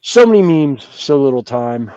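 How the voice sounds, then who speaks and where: A man's voice: medium pitch, sing-song, moderate pace, dark tone, clean tone, no room sound. A man in his fifties with a Southern US accent, chatting casually on a hobby show, rambling and self-mocking as he trails off into fillers. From Southern United States. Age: 50s. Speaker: regular on a hobby chat show. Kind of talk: casual chat. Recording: dull, dry sound.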